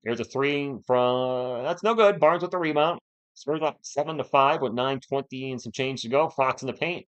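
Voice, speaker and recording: A man's voice: mid-range voice, moderate pace, smooth. A man hosting a fan live stream, calling the game play by play and bantering with the chat. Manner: animated, partisan, banters with chat.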